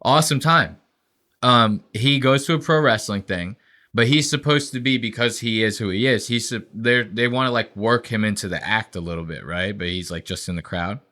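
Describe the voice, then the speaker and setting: Fairly low in pitch and speaking at normal speed, this young man co-hosts a podcast. He tells rambling, profane stories and slips into animated impressions as they chat casually.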